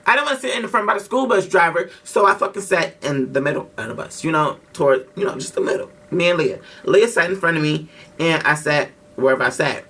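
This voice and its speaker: A man's voice: a little high, expressive, fast talker, sharp tone, distant mic. A man telling a story casually to his vlog audience, slangy and profane, with lots of restarts. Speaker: vlogger.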